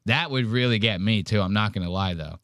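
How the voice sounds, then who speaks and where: A man's voice: fairly low pitch, a little fast, fairly bright tone, no echo, clean studio sound. Profane joking male podcast host. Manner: profane, joking, acts out quotes. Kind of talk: casual reaction chat.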